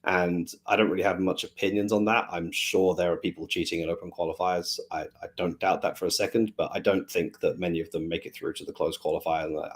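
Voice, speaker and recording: A man answering fan questions in a relaxed, rambling way, with many fillers as he thinks aloud. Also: low voice. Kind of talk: casual Q&A chat.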